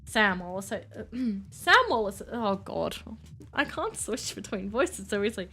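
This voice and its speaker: A woman's voice: mid-range voice, sing-song, unhurried, fairly bright tone, husky, heavily acted. A woman voicing a rugged male cowboy therapist who talks with a folksy drawl.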